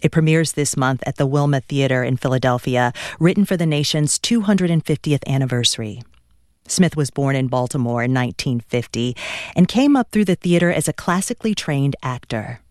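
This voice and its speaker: A radio interview host reading a scripted introduction and then asking questions in a measured way. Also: medium pitch, animated, a little mellow, no room sound, studio quality. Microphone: studio mic.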